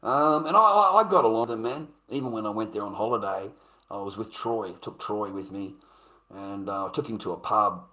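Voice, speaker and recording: A man's voice: lowish voice, brisk, sharp tone, poor audio. An Australian man streaming, talking in a blunt, sweary, rambling way, laughing often and calling listeners mate. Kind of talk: casual ranting chat.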